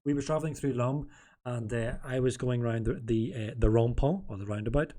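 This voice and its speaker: A man's voice: medium pitch, a little fast, dark tone. Rambling jokey male stream host. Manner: rambling, self-correcting, jokey. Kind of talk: casual live-stream interview.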